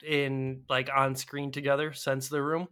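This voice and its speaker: A man's voice: medium pitch, flat delivery, a little slow, sharp tone, clean tone. A man co-hosting a casual podcast, retelling scenes with swearing and playful impressions of the characters. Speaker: podcast co-host.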